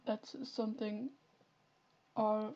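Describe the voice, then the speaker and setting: A woman's voice: mid-range voice, little pitch movement, takes it slowly, warm tone. A young woman with a Flemish accent, chatting casually and animatedly on a live stream, often correcting herself mid-sentence. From Flanders, Belgium. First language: Dutch (Flemish). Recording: lo-fi stream audio.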